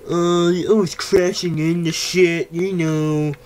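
A man's voice: fairly high pitch, steady tone, slow pace, darkish tone, a little hiss or hum, pitched above the performer's own voice, rough recording. Man mimicking a nagging young gang buddy, whiny and mocking.

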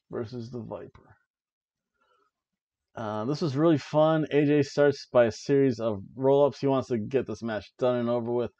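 A man talking casually at a middle pitch while recapping the night's matches. He rambles, chuckles at himself and keeps the chat loose. The recording is a little dull and lo-fi, like a home setup. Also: darkish tone. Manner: chatty, rambling, laughs at his own jokes. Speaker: podcast host reviewing wrestling. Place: home, seated in an old chair.

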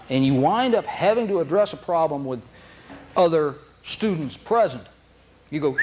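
A man's voice: fairly high pitch, lively intonation, normal speed, darkish tone. A man teaching a dog training seminar, telling stories with frequent laughs and acting out the dogs and handlers. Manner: anecdotal, laughs often, acts out dogs and handlers. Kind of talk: seminar lecture.

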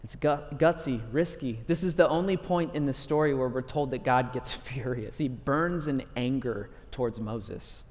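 A man preaching a sermon in an energetic, conversational way, acting out scripture stories. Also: mid-range voice, moderate pace, hardly any pauses, big-room sound. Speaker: pastor.

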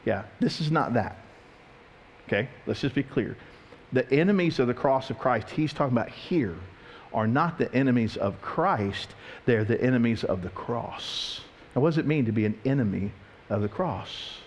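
A man's voice: mid-range voice, moderate pace, slight background noise. A pastor preaching a sermon, telling stories and asking his congregation questions. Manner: animated storytelling, questioning the congregation.

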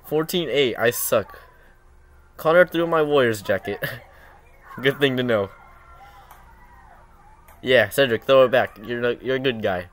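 A teenage boy hosting a casual reaction video at home, excitable and self-mocking, saying "bro" a lot. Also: mid-range voice, a little slow, long pauses, a little hiss or hum. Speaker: channel host reacting to his own old basketball video.

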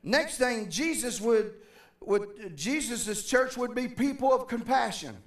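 A man's voice: very high voice, lively intonation, slow pace. A middle-aged man, preaching a sermon as pastor and speaking conversationally while calling out to the congregation. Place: church sanctuary. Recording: roomy church from a distance.

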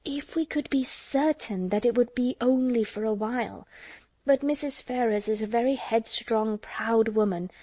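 A woman's voice: fairly high pitch, moderate pace, warm tone, no echo, voice pushed up, close to an everyday voice. A woman voicing a jealous, scheming young woman in an audiobook, confiding and earnest.

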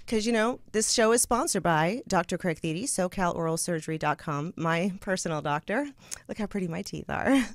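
A woman's voice: fairly low pitch, dry recording. A woman hosting a talk show in a bubbly, giggly, rambling way. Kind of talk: casual chat.

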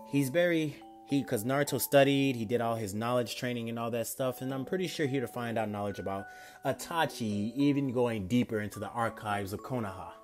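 A man's voice: medium pitch, fairly quick, soft background music. Rambling male fan-fiction storyteller. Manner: rambling, self-correcting. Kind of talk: casual improvised fan-fiction narration.

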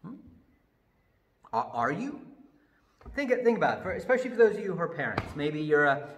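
A man preaching a sermon in a chapel, telling the story with animated, conversational energy. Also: a little high, brisk. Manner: lively storytelling, acts out the Bible characters. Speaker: pastor. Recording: long hall reverb.

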